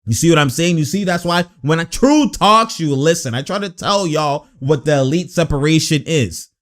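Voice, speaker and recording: A man giving casual, slang-filled reaction commentary on basketball footage, animated and exasperated. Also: fairly high pitch, normal speed.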